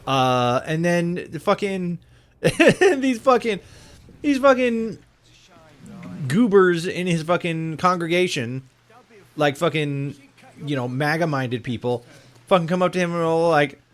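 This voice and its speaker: A man's voice: fairly high pitch, expressive, unhurried, long pauses. A young man chatting casually on a live stream while gaming, rambling and swearing heavily with many restarts. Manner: rambling, profane, full of restarts and laughs.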